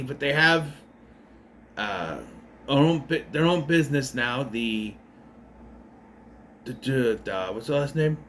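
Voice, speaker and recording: A man's voice: medium pitch, a bit bright, slight background noise. A man giving a casual spoken movie recap, rambling and correcting himself, with sarcastic asides. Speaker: movie reviewer.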